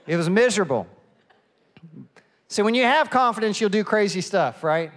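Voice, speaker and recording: A middle-aged man preaching a sermon and telling a lively, self-mocking story, acting out the people in it. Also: high voice, normal speed, pauses often. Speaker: pastor. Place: church auditorium. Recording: long hall reverb.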